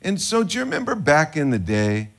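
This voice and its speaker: A man preaching a sermon as pastor, animated and conversational, with quick asides and chuckles. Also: a little high.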